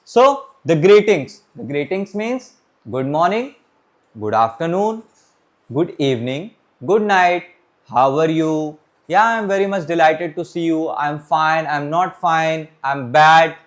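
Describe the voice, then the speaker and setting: A man teaching a beginners' French class, talking his students through the lesson and often pausing to say "okay, my friends". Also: on the high side, animated. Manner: repeats "okay, my friends", restarts and pauses while writing. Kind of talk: classroom lecture.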